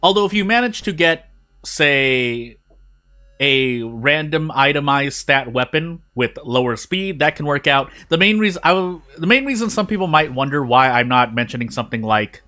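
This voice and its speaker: A man's voice, a little high with lively intonation, comes across bright and forceful at a moderate pace. He's streaming a game and eating while he chats casually, often repeating phrases and starting sentences over, with faint game music behind him.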